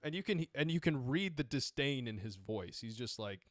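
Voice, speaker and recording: A man's voice: mid-range voice, lively intonation, normal speed, hardly any pauses, no echo, clean studio sound. A man on a podcast casually retelling court cases, rambling, correcting himself and dropping sarcastic asides. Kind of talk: casual chat.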